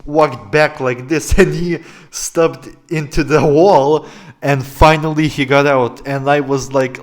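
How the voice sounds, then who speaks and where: Young guy doing a story-time vlog, laughs a lot, rambles with tons of like and uh, mid-pitched voice. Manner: rambling, laughs often, many fillers. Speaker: vlogger.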